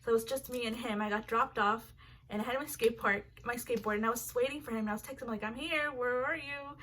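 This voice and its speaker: A woman's voice: fairly high pitch, fairly even intonation, fast, fairly bright tone. A young woman telling a rambling, embarrassing story to her viewers, full of filler words and swearing. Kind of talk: casual storytime monologue.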